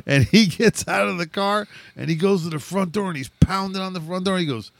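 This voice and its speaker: A middle-aged man spins a rowdy story in casual chat, animated and quick to laugh. His voice sits a bit high for a man, and the sound is dry and close. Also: vocal fry, no echo. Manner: animated, swears freely, laughs often.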